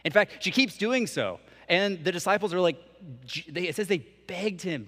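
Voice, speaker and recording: A man's voice: high voice, lively intonation, moderate pace, fairly bright tone. A young man preaching a sermon as a church minister, mixing scripture with casual, conversational asides. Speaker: canon for student ministry, preacher. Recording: long reverb of a church hall.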